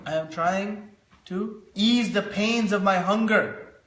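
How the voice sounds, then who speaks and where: Desperate starving poor man, acted by a man, high pleading voice, insistent, roomy echo. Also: slow pace, fairly bright tone.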